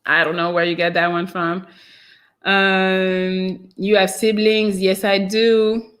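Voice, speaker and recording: A woman's voice: medium pitch, little pitch movement, slow, fairly bright tone. A French-accented woman hosting a casual live stream, chatting and reading out viewer comments in a meandering way. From France. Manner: chatty and meandering, trails off with fillers.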